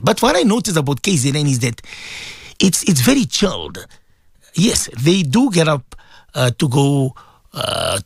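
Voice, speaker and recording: A man's voice: mid-range voice, creaky, breathy edge, no echo, clean studio sound. A middle-aged man hosting a Muslim radio show, chatting casually and affectionately, rambling and repeating himself as he reads listeners' messages. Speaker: radio host and Muslim cleric.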